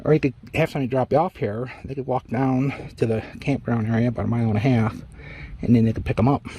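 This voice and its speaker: A man's voice: mid-range voice, fairly even intonation, fast, dark tone, husky, no echo. A man on a desert trail, chatting casually for a hiking vlog with rambling, self-deprecating asides, a little out of breath. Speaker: travel vlogger.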